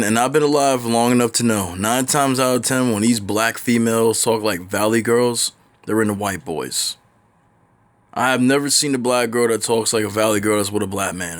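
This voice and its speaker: A man's voice: on the low side, fairly bright tone. A man giving blunt, profane, opinionated reaction commentary in a ranting manner. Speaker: commentary vlogger.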